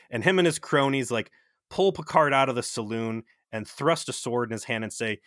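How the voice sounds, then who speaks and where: A man recaps a TV episode with profane, animated storytelling. His voice is bright and forceful, and the sound is close and dry with no room around it. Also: medium pitch, normal speed, no room sound. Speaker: podcast co-host. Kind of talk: casual chat, TV episode recap.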